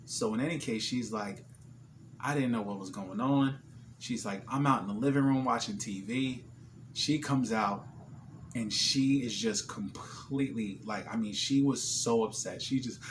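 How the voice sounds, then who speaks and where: A man's voice: mid-range voice, normal speed, slight background noise. A man vlogging casually, telling a personal story with lots of slang, restarts and quoted dialogue.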